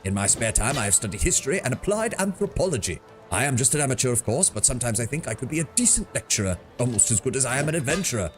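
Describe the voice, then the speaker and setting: A man's voice: mid-range voice, very animated, fast, pitched above the performer's own voice, natural voice. A man voicing a pompous, chatty male mercenary captain in a put-on British accent, reading game dialogue aloud. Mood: genial. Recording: music playing behind.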